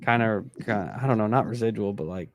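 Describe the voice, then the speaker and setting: A man co-hosting a podcast, chiming in with wry quips and thinking aloud in a halting, casual way. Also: on the low side, no echo, studio quality. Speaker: podcast co-host. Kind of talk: casual chat.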